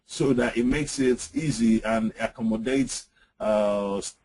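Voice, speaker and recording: A man co-presenting a webinar, speaking in a halting, casual way with lots of fillers and some teasing jokes. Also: medium pitch, mellow, poor audio. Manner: halting, many fillers and restarts, joking.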